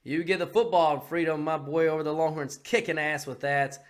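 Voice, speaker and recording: A man hosting a podcast in a casual, profane, excitable chat who bursts into shouts. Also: fairly high pitch, fairly quick. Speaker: podcast host.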